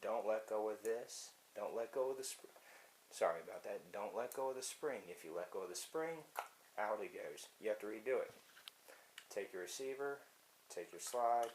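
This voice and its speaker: Casual male demo host, lowish voice, chatty and offhand, faint background hiss. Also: lively intonation, moderate pace, long pauses, low-quality recording. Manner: casual, talks to the viewer while working. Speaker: firearms video host. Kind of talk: casual how-to demonstration.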